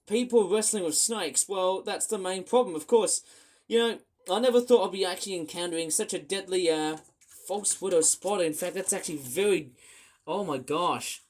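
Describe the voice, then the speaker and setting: A man chatting excitably in a rambling casual vlog, full of fillers and restarts. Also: high voice, normal speed. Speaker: vlogger.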